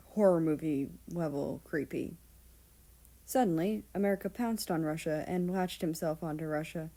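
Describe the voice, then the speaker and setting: A woman narrates a fan story in a leisurely, unhurried way. Her voice sits low and mellow, soft-edged rather than bright. She slips in casual asides and the occasional swear word. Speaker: fan fiction reader.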